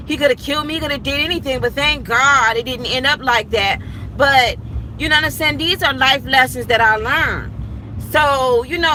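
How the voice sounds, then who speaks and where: A woman in her thirties candidly telling a personal story to her viewers, animated and vivid, acting out what people said. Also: high-pitched, a little hiss or hum, poor audio. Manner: animated, vivid retelling with acted-out quotes.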